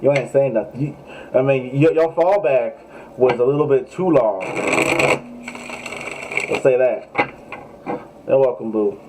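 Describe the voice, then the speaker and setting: A man's voice: mid-range voice, unhurried, long pauses, noisy background. A man giving a casual, joking live tarot reading, swearing freely and talking straight to his viewers. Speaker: tarot reader.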